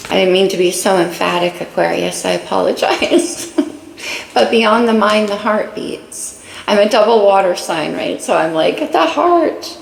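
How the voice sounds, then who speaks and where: A woman's voice: mid-range voice, vocal fry. A woman giving a casual tarot reading, chatting through each card she draws. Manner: chatty, warm-hearted commentary on cards. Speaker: tarot reader. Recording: echoey room, faint noise.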